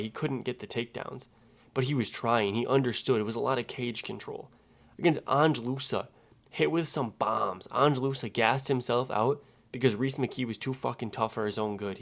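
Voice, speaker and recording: A man's voice: medium pitch, vocal fry. A man casually breaking down fights and making picks, profane and ranting, getting worked up as he argues. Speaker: MMA betting analyst.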